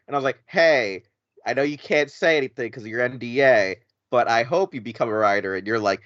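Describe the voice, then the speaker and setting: A man's voice: medium pitch, quick pace, fairly bright tone, no echo, highs cut off. A man hosting a live interview in a casual, friendly way, laughing and often repeating his first words as he starts a sentence. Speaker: interview host.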